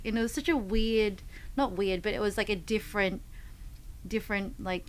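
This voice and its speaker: A woman's voice: medium pitch, steady tone, moderate pace, poor audio. Chatty woman coach telling stories. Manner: rambling storyteller with many fillers and restarts. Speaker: fitness coach, podcast co-host. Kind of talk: casual podcast chat.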